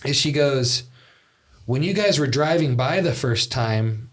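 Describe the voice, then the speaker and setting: A man's voice: medium pitch, lively intonation, measured pace. A young man co-hosting a podcast, telling a story in a loose, rambling way with lots of fillers. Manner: rambling, filler-heavy, laughs at own story. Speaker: podcast co-host. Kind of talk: casual storytelling chat.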